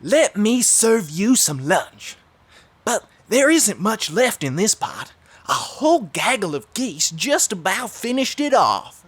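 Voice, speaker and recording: A woman's voice: medium pitch, very animated, slow, slightly rough, no room sound, heavily acted. A woman voicing a courteous male guinea fowl who serves at a potluck, polite and hospitable.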